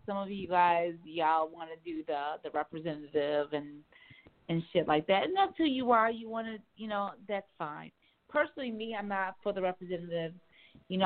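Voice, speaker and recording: A woman hosting a casual podcast chat, talking candidly and with profanity in an animated way. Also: on the low side. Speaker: podcast host. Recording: tinny phone-like sound.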